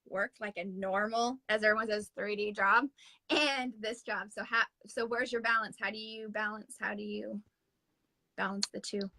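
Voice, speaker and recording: A woman hosting a casual interview chat, enthusiastic and full of quick restarts. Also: medium pitch, pushed and bright, no room sound, poor audio. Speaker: host and medium.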